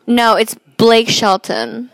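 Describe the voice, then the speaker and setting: A tipsy woman in casual chat at home, excitable and quick to exclaim. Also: fairly high pitch, vocal fry, dry recording, poor audio. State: tipsy from champagne. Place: home, indoors.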